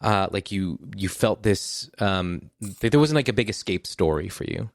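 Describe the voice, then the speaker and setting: A man co-hosting a podcast, asking questions gently and with some hesitation. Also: sits low, animated, normal speed, no echo, clean studio sound. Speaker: podcast co-host. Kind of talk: interviewing.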